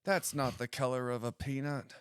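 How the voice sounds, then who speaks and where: A man talking in a relaxed, rambling way, full of self-deprecating, deadpan asides and leaning heavily on "like" as a filler. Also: mid-range voice, moderate pace, clean tone, no echo, clean studio sound. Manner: heavy use of "like" fillers. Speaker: stand-up comedian guest. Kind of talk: casual podcast chat.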